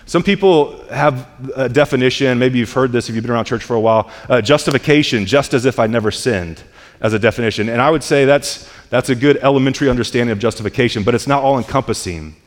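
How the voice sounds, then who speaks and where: A man preaching a sermon as pastor, earnest, often repeating words as he restarts, building to louder peaks. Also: mid-range voice, fast. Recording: long reverb of a church hall.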